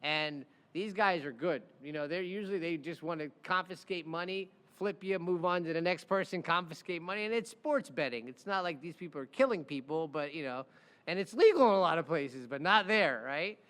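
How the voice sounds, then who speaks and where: A man hosting a casual chat, telling stories in an animated way. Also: fairly high pitch, brisk, clear, resonant tone, long reverb tail. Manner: animated, acts out quoted voices. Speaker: podcast host, defense lawyer.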